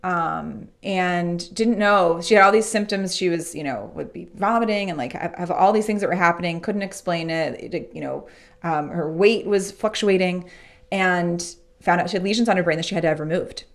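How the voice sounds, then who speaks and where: Woman, podcast guest, lower voice, vocal fry, earnest, reflective, conversational storytelling. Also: moderate pace. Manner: acts out remembered dialogue in lively voices. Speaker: podcast guest, workplace speaker. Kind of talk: casual interview storytelling.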